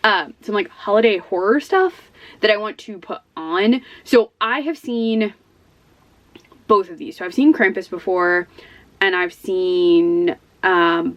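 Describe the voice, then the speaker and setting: A woman's voice: medium pitch, fairly bright tone. A stressed woman rambling to her camera in a casual book vlog. She talks in loose, self-deprecating asides, breaking into small laughs as she goes, recorded in her own office. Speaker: book vlogger.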